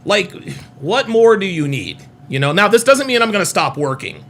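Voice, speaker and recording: A man's voice: sits high, sing-song, moderate pace, creaky, a bit bright. A man in his forties chatting casually on a live stream, rambling, repeating himself and reading chat comments aloud. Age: 40s. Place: home near Reno.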